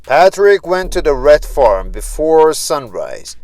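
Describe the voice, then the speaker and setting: A man narrating a scripted horror story in a slow, deliberate way. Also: on the high side, very animated, darkish tone, no room sound, low-quality recording.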